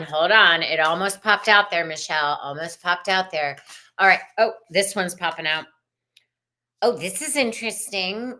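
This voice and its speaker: Female tarot host, lively and blunt, live-stream reading. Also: mid-range voice. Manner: animated, swears casually, talks straight to viewers.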